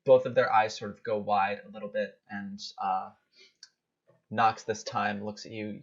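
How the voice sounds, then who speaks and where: Low-voiced man running a tabletop game. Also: level tone, unhurried. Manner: casual narration with fillers. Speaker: game master. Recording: dull lo-fi audio.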